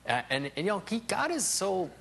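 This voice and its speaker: A man's voice: high-pitched, big pitch swings, a little fast, vocal fry, fairly bright tone, slight background noise. A man teaching a Bible lesson in a loose, conversational way, often trailing off with asides and restarting his sentences. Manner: rambling, full of "you know" asides and restarts.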